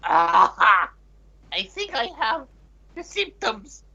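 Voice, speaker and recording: A woman voicing a scheming male cartoon mad scientist with a whiny, gravelly delivery, over muffled call audio. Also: fairly high pitch, sing-song, very slow, bright, forceful tone, pitched below the performer's own voice, full character voice.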